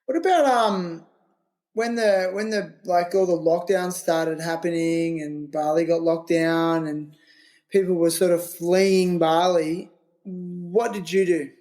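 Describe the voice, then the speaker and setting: A man's voice: sits high, fairly even intonation, slow pace, a little mellow. A man hosting a podcast, asking questions in a teasing, jokey way with lots of fillers. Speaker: podcast host. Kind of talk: casual interview chat.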